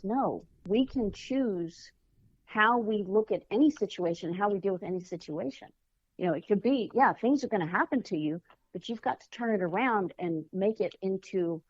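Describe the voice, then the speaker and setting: A woman, a children's author, speaking earnestly as a podcast guest and often pausing to find her words. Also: mid-range voice, dry recording, highs cut off. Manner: earnest, searching for words with fillers. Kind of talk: podcast interview.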